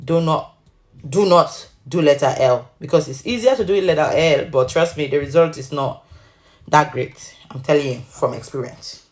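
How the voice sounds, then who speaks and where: A woman's voice: deep voice, moderate pace. A woman talking viewers through how she makes a braided wig, chatty and sassy, calling them honey and sweetheart. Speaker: wig maker showing her craft. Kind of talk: casual tutorial talk to viewers.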